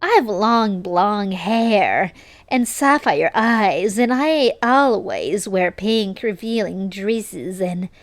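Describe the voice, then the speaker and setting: A woman's voice: medium pitch, animated, slow pace, no echo. A young adult woman streamer reading a fanfic aloud, with giggly, teasing asides. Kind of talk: casual stream reading and commentary.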